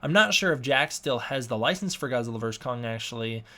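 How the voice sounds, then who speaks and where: A man's voice: mid-range voice, expressive, fast talker, pushed and bright. A young man hosting a live stream, reading chat questions aloud in casual talk, often stumbling and restarting his words. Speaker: livestream host answering chat questions.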